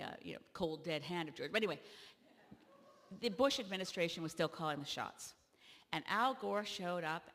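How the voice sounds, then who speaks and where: A woman from Canada, a party leader, giving an animated convention keynote speech that rises to loud emphatic peaks. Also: lowish voice. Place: large convention hall. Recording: long reverb of a large hall.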